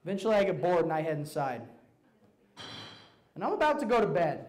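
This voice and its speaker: A young man doing a stand-up routine, telling profane stories in a brash, animated way on a club stage. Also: fairly high pitch, fairly quick. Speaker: stand-up comedian. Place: comedy club stage before a live audience.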